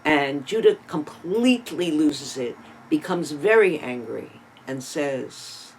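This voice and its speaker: A Torah teacher retelling a scripture story in a sermon, building drama with sudden swings in loudness and emphasis, and adding asides and rhetorical questions. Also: mid-range voice, lively intonation, takes it slowly, slightly rough, poor audio.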